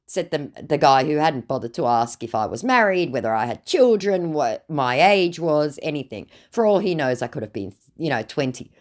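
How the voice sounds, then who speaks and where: A woman's voice: low voice, very animated, moderate pace, few pauses. An adult woman recounting an online chat in a blunt, sarcastic storytelling manner, swearing freely. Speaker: scam baiter.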